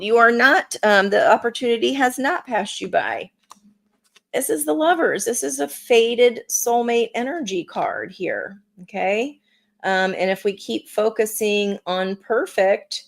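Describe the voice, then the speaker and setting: A woman's voice: mid-range voice, gravelly. A woman giving a live tarot reading, chatty and encouraging, with plenty of fillers. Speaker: tarot reader.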